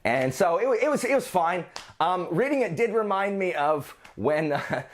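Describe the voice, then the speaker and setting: A man talks through his monthly reading in a loose, chatty book vlog. His pitch swings widely and animatedly as he goes. He rambles, doubles back and restarts sentences mid-thought. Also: very animated, moderate pace. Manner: rambling, self-interrupting, frequent restarts. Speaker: book reviewer. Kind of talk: casual book review vlog.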